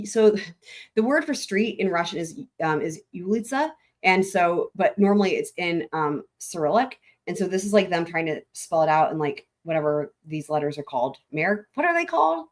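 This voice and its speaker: A woman hosting a casual livestream, chatting with her viewers in a rambling, laughing way, with a lilt. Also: fairly low pitch. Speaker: livestream host.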